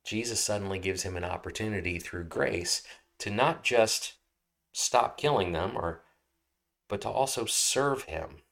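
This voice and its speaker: A man's voice: on the low side, measured pace, gravelly, fairly bright tone. A married man, a pastor, preaching a conversational sermon and often checking in with his listeners. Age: adult, married. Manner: conversational, often asks "right?".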